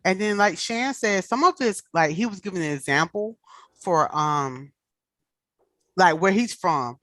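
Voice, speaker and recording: A woman in casual chat, telling animated stories and acting out the people she quotes. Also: lowish voice, unhurried, dry recording.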